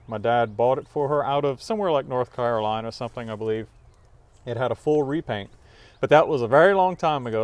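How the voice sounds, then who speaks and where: Garage host guy, easy laughing chat, smooth clean voice. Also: medium pitch, no echo. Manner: upbeat, quick to laugh, rambling explanations. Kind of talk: casual chat.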